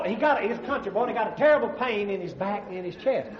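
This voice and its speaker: A man's voice: high-pitched, animated, fast, a crowd in the background, background noise. A man with an Alabama accent, a pastor telling folksy comic stories with drawling asides. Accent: Southern US, Alabama. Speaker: pastor and comedian. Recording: roomy, dull old comedy record.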